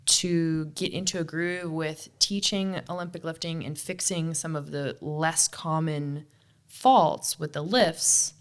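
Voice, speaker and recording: Low-voiced woman, frank casual talk. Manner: frank, swears freely, quick asides. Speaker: podcast co-host and CrossFit coach. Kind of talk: casual chat.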